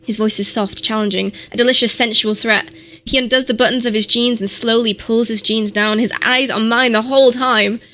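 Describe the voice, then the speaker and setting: A woman's voice: fairly high pitch, fairly even intonation, fairly quick, a bit bright. Woman giving a mock-dramatic reading. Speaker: streamer reading a novel aloud.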